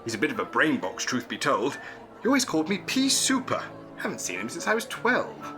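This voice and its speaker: An actor playing an eccentric, jolly English gentleman adventurer in a comic radio play, plummy and prone to chuckling. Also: fairly high pitch, huge pitch swings, brisk, over music. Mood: playful.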